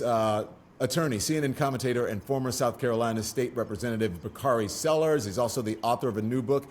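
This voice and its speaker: Brief: lively male talk-show host. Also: mid-range voice, fast. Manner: animated, with wry asides. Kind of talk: casual interview talk.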